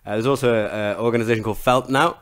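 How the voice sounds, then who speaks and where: A man chatting as a guest comedian on a podcast, rambling with plenty of fillers. His pitch sits mid-range for a man, in an easygoing conversational flow. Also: steady tone, rapid-fire. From Newcastle, England. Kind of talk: casual podcast chat.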